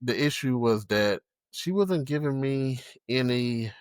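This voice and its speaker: A young man chatting as a podcast guest, halting and full of fillers and restarts. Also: mid-range voice, smooth, no room sound, studio quality. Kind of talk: casual conversation.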